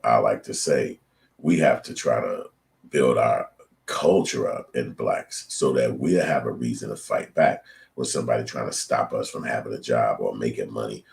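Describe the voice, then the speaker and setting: A man's voice: extremely low pitch, vocal fry, a little hiss or hum. A man hosting his own show, talking straight to viewers in a blunt, profane, preachy rant. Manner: blunt, profane, preachy ranting with acted-out quotes. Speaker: show host. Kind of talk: casual opinion monologue to viewers.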